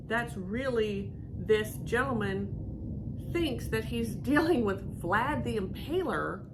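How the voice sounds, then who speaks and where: A woman hosting as a psychic medium, talking in a rambling, halting way with many fillers and restarts. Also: a little high, lively intonation, background noise. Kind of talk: casual reaction chat.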